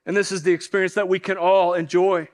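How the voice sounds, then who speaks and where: A male pastor preaching a sermon in an earnest way, often dropping softer at the end of a point and repeating phrases for emphasis. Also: high voice, level tone, fast talker.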